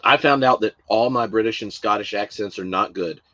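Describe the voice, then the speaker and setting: A man's voice: fairly low pitch, fairly quick, highs cut off, background noise. A man co-hosting a podcast, chatting casually with many fillers and restarts. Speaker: podcast co-host. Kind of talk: casual chat.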